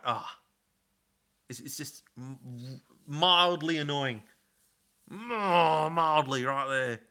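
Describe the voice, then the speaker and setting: Aussie guy rambling on his livestream, super bright sharp voice, chatty. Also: mid-range voice. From Australia. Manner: rambling, chatty, answering chat comments. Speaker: livestream host. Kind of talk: casual live-stream chat.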